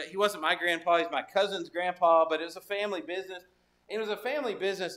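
A man's voice: sits high, fairly bright tone. A man preaching a sermon as pastor, in a conversational storytelling manner with asides and restarts.

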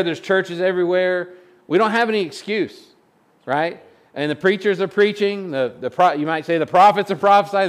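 A man with a fairly high voice teaches scripture like a pastor at a midweek Bible study. He talks informally and earnestly, reads the old verses aloud, and often stumbles and restarts as he explains.

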